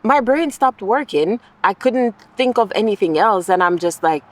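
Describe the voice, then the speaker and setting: A woman speaks to her camera in a relaxed vlog monologue, open and reflective as she talks through her feelings. Her pitch sits mid-range for a woman, and now and then a blunt swear word slips into her plain, conversational delivery. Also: moderate pace, poor audio. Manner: occasional swearing. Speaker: vlogger.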